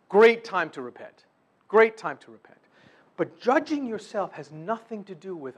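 Animated high-voiced man preaching. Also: normal speed. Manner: preaching with sudden loud emphatic bursts and soft drops; acts out imagined voices and prayers. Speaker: pastor. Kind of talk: sermon.

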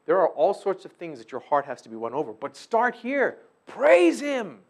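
A middle-aged man preaching a sermon as a pastor, swinging between loud emphasis and hushed, quiet stretches. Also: high voice, wildly swooping pitch, moderate pace.

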